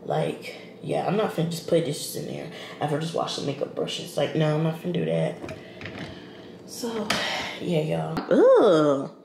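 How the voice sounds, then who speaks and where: A woman's voice: low voice, normal speed, creaky. Chatty woman in an echoey kitchen. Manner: chatty, rambling, slangy, addresses viewers as y'all and girl. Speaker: vlogger. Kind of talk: casual chat to camera. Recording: echoey room with background noise.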